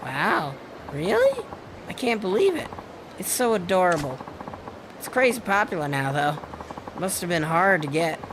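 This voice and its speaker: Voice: mid-range voice, lively intonation, normal speed, pauses often, noisy background, lightly acted. A streamer voicing a sweet young girlfriend in a game, reading dialogue aloud with gushing delight that turns reproachful. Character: young woman girlfriend, sweet then hurt.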